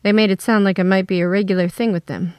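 A woman telling a first-person story in a steady, scripted narration. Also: medium pitch, quick pace, smooth, no room sound, studio quality.

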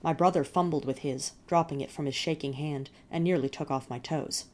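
A woman reading first-person fiction in a measured, steady storytelling manner. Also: low voice. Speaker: narrator.

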